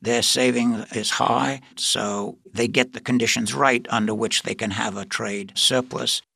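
A male economist explains trade in a relaxed interview soundbite. His voice has a gravelly edge, and it is recorded dry and close. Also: medium pitch, unhurried, dry recording.

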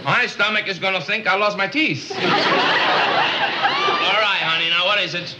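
An actor playing a harried Cuban bandleader husband. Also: male voice, high voice, normal speed, close to an everyday voice. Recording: old sitcom clip with clear hiss.

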